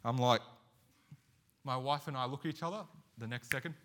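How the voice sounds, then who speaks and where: A man preaching a sermon, telling a story in an animated, self-mocking way. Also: medium pitch, brisk.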